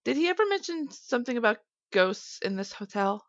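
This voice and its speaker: A woman's voice: on the high side, very animated, brisk, dry recording, pitched above the performer's own voice. A woman voicing a wry, probing detective who asks sarcastic questions, in a dull lo-fi recording.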